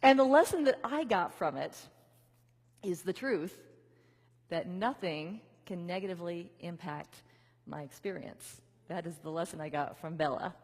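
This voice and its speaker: A woman's voice: on the low side, husky. A woman minister giving a conversational sermon, leading her congregation in repeated affirmations. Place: large church venue. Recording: reverberant hall.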